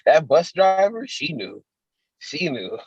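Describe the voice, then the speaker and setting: A man joking around in a casual podcast chat, loud and teasing. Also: a little high, sing-song, slow, slightly rough, no echo, dull audio. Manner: loud, teasing, bursts into laughter.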